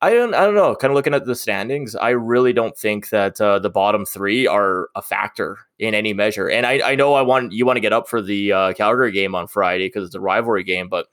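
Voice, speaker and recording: A man's voice: on the low side, a little fast, hardly any pauses, a bit bright, dry recording, studio quality. A young man co-hosting a casual sports chat, rambling and hesitant with frequent laughs. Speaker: podcast co-host.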